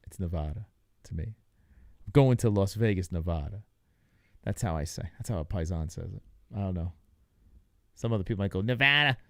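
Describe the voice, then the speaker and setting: A deep, dark, creaky voice speaks briskly as a young livestream host reacts to results, tossing out loose jokes and talking to his chat. The sound is studio quality with no room sound.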